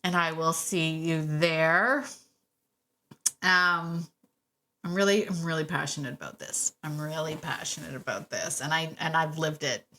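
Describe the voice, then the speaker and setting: A woman hosting a solo podcast about dog training, chatty and warm, laughing often and repeating phrases for emphasis. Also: deep voice, measured pace. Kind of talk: casual solo podcast talk.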